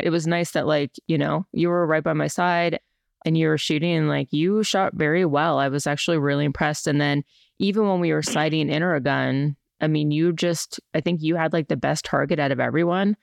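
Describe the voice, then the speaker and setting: Young woman podcast host, chatty and laughing, gravelly fry, dry close sound. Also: low-pitched, no room sound. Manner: chatty, laughs often, quotes herself in playful voices. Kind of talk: casual podcast chat.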